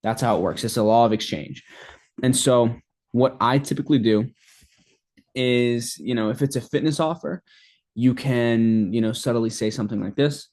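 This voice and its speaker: A man's voice: mid-range voice, normal speed, darkish tone. A man coaching sales in a casual, filler-heavy way, acting out both sides of sales calls. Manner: laid-back, filler-heavy, switches into a mock caller voice. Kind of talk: casual instructional talk with role-played sales calls.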